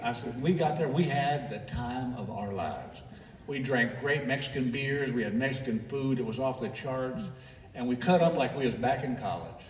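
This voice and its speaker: An American stand-up comedian with a mid-range voice tells long stories at a moderate pace, animatedly acting out the people in them. Filmed from the audience off the stage PA in a large theater, the recording is distant and echoey, with crowd laughter and a little hiss or hum.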